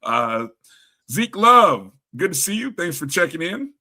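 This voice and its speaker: Bright-voiced man greeting live chat. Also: on the high side, sing-song, unhurried. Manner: shouting out chat viewers by name, upbeat and chatty. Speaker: sports talk show co-host. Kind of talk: casual live-stream sports chat.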